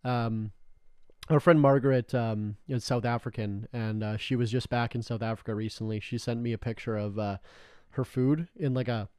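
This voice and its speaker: A man's voice: medium pitch, fairly even intonation, moderate pace, warm tone, clear, resonant tone, no room sound, studio quality. A young man from Canada co-hosting a podcast, telling meandering stories full of "like" and cheerful swearing. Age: young adult. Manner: rambling storyteller, heavy filler "like", joking and swearing. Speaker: podcast co-host. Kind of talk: casual chat.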